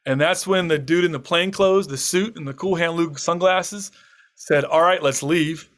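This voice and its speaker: This slightly higher-voiced man, a permaculture farmer and author guesting on a podcast, tells a lively anecdote at normal speed. He acts out the quoted lines and laughs often.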